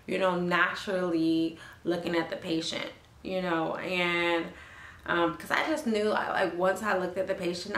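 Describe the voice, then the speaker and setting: A woman's voice: medium pitch, creaky, fairly bright tone, roomy sound. A young woman and nursing student telling an emotional story in a chatty, casual vlog, with many fillers and restarts, recorded in her car.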